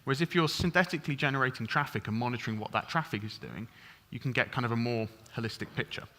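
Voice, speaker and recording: A man giving a conference tech talk, casual and quick, with lots of ums and restarts. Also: medium pitch, pushed and bright, slight background noise. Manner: fast, chatty, full of ums and restarts. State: over-caffeinated. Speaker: conference speaker. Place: conference stage.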